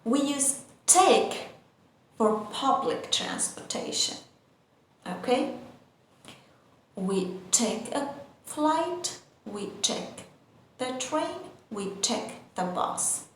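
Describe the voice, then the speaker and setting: A woman's voice: sits high, big pitch swings, extremely slow, long pauses. A woman teaching English vocabulary, repeating each word twice and checking in with the listener. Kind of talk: slow, repetitive vocabulary lesson. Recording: very echoey room, faint noise.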